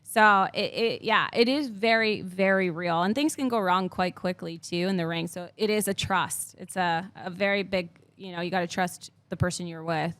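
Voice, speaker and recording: Woman from ontario gushing about meeting her heroes, animated storyteller, dry close mic. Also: fairly low pitch, moderate pace, few pauses, dry recording. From Canada (Ontario). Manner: excitable, animated storytelling with voiced quotes. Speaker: guest, wrestling interviewer and host. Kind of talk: casual conversation.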